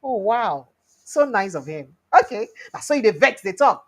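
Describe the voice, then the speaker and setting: A woman's voice: mid-range voice, moderate pace. A young Nigerian woman with a Nigerian accent, commenting on news in pidgin and English and acting out quotes. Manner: animated, mixes pidgin and English, acts out quotes.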